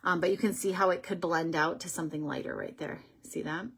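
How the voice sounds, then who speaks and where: A woman hosting a casual beauty vlog, chatting through makeup swatches as she thinks aloud. She sometimes drops to a soft whisper and stumbles over product names. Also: lowish voice, steady tone, brisk, husky. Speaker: beauty vlogger host.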